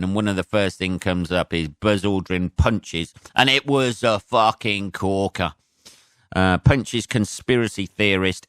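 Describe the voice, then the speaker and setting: A man hosting a solo podcast as a comedian, rambling and excitable with plenty of swearing. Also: on the low side, smooth, no echo, clean studio sound. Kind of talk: casual solo podcast rant.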